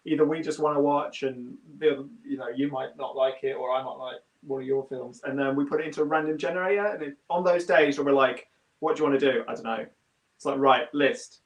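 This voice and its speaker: A man's voice: mid-range voice, steady tone, quick pace, reverberant. Easygoing man, mic at a distance. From England. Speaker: guest board game designer. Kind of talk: casual chat.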